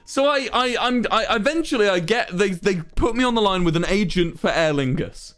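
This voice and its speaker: A young man with a high-pitched voice tells his livestream chat a long story, sounding exasperated and worked up. He acts out the other people in the story as he goes, and the whole thing stays loose and conversational. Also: moderate pace. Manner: exasperated, animated retelling of a hassle. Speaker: streamer.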